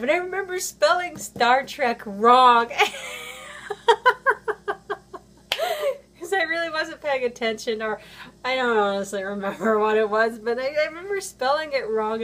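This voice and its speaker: A woman's voice: on the high side, animated, moderate pace, a bit bright. A woman vlogger talking casually to camera, rambling with many fillers and restarts. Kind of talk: casual chat.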